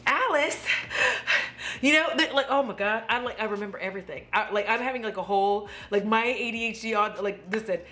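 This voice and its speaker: A tipsy woman hosting a casual makeup review vlog from home, gushing, excitable and swearing freely. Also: mid-range voice, fast talker, hardly any pauses. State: tipsy from drinking. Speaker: beauty vlogger.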